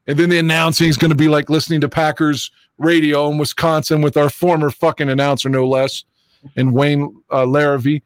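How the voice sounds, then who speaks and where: An excitable man swears his way through casual football talk, rambling and restarting mid-thought. His voice sits a little high for a man, and the sound is dry and close with no room echo. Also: fairly quick. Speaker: co-host of a sports fan show. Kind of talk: casual sports chat.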